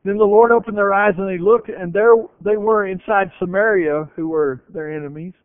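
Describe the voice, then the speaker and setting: A man preaching a sermon and retelling scripture with animated voices. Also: high-pitched, normal speed, clear, resonant tone, no echo. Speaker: pastor. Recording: tinny phone-like radio broadcast.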